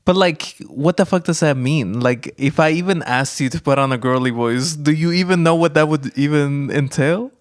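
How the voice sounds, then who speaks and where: A man co-hosting a podcast in casual chat, teasing his co-host with deadpan jokes and playful interruptions. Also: fairly high pitch, moderate pace, hardly any pauses, dry recording, studio quality.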